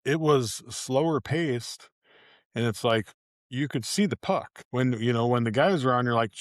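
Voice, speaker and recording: A man's voice: medium pitch, a little slow, no room sound, clean studio sound. A man co-hosting a podcast, telling stories casually, swearing and acting out the lines of people he quotes. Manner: storytelling, swears, acts out quotes. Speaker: podcast co-host. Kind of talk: casual banter.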